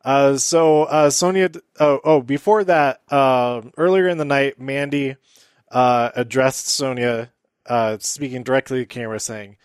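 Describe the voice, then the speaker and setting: A man's voice: medium pitch, fairly even intonation, a little slow, clear, resonant tone, no echo. Man, casual solo recap host, rambling with fillers, dry close sound. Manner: rambling, many fillers, laughs at own jokes. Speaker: podcast host recapping wrestling.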